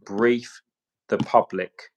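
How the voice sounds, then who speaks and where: A man's voice: on the low side, steady tone, extremely slow. Emphatic man recounting events. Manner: emphatic, quotes others' words, repeats points. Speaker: search specialist interviewee.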